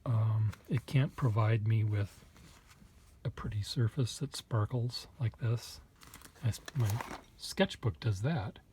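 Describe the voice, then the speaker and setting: A man's voice: on the low side, warm tone, slight background noise. Musing, self-deprecating man vlogger. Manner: halting and self-deprecating, muttered asides. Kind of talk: casual thinking aloud to camera.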